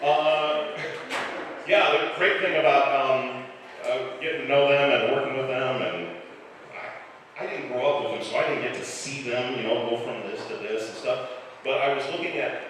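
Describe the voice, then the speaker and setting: A stand-up comedian in his forties from the Chicago area with a slightly softened Chicago accent, telling self-deprecating stories in a dry way with filler pauses. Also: medium pitch, distant mic, noisy background. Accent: Chicago, mostly softened. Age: 40s. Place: live comedy club stage. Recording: echoey club hall, mic heard from afar.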